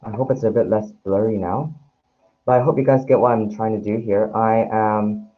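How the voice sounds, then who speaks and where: A man's voice: lowish voice, steady tone, moderate pace, dull audio. A man leading a live online calligraphy workshop, talking viewers through his process in a friendly, hesitant way full of fillers and restarts, into a handheld phone mic. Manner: friendly, addresses viewers directly. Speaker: calligraphy instructor.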